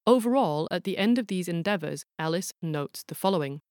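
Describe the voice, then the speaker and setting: A woman's voice: fairly low pitch, expressive, a little fast, hardly any pauses, a little mellow, no echo. Playful woman narrating a podcast, dry sound. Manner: playful, explanatory, demonstrates sounds aloud. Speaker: podcast host.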